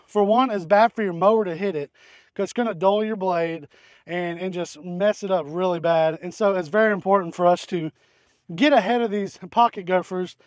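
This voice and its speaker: A man's voice: sits high, dry recording. A man hosting a farm vlog outdoors, explaining pest control in a folksy, rambling way. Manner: folksy, rambling, fillers and restarts. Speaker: farm channel host. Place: outdoors in a hay field.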